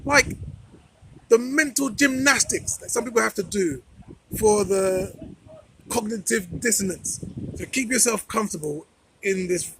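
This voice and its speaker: A man's voice: high-pitched, expressive, normal speed, creaky, sharp tone, slight background noise, low-quality recording. A man talking straight to camera in a commentary vlog, emphatic and repeating phrases for stress. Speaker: vlogger.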